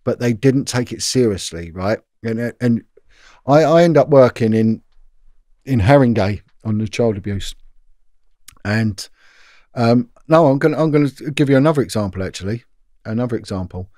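In a dry, clean studio recording, a middle-aged ex-detective guesting on an interview recounts lengthy anecdotes at a moderate pace. His mid-range voice is animated, peppered with fillers, repeated words and false starts.

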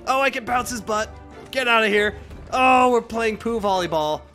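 Excitable high-voiced man streaming a game. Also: normal speed, faint music behind. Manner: excitable, laughing often, swings between loud shouts and low mutters. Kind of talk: live gameplay commentary.

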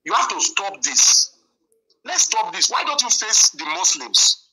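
Angry caller, bright voice. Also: male voice, high voice, very animated, unhurried, breathy edge, rough recording. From Nigeria. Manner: angry, repetitive, accusing.

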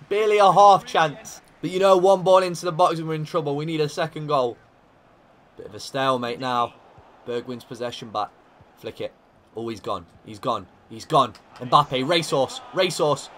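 A young man commenting live on his own football video game career, dry one moment and yelling at big chances the next. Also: a little high, slight background noise. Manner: excitable, shouting at big moments, dry asides. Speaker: gaming YouTuber.

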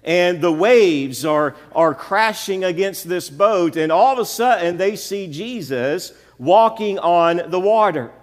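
Preacher guy, fairly high voice, lots of reverb from the church hall, keeps asking amen. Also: lively intonation, takes it slowly, hardly any pauses. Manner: preacherly, repetitive calls of "amen?". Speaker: pastor. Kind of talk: sermon. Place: church sanctuary.

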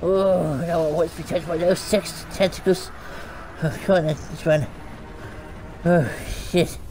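A man doing gaming commentary, swearing constantly and yelping and shouting in panic as he plays. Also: fairly high pitch, steady tone, a little slow. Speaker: gaming streamer. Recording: noisy, with game sounds behind. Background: game sounds.

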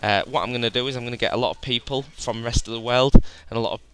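A man's voice: medium pitch, steady tone, rapid-fire, background noise. A man, a gaming channel host chatting casually over gameplay footage, rambling a little and often addressing viewers as "guys.".

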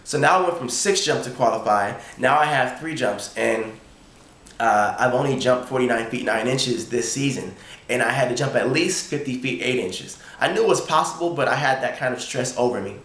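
A young man excitedly retelling a sports story in a casual vlog, acting out his own thoughts. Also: medium pitch, normal speed, roomy sound. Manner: excited, animated retelling with quoted inner thoughts. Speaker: college triple jumper.

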